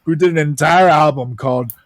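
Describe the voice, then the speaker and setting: A man co-hosting a podcast, with a slightly high voice that keeps breaking into laughter. He riffs loosely in casual chat and swears freely. The mic is close and dry, with no room sound. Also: brisk, no room sound. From Latin American background. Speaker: podcast co-host.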